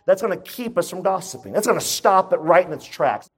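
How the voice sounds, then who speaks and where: A man with a fairly high voice preaches to his church. He talks in an emphatic, conversational way and keeps turning to the listeners with rhetorical questions. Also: animated, brisk, breathy edge. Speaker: pastor. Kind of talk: sermon.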